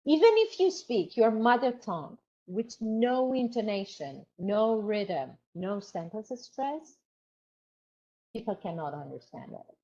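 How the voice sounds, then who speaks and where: A woman lecturing to a class of trainee teachers, explaining each point in a measured, deliberate way. She pauses to check whether her listeners follow. The recording sounds dull and lo-fi. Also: mid-range voice, lively intonation, warm tone. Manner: explanatory, asks the class questions. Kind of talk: online lecture.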